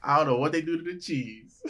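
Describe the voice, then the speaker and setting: A man's voice: on the high side, normal speed, heavy background noise. A man from Nigeria, a comedian guest, joking and teasing in a casual podcast chat and laughing often.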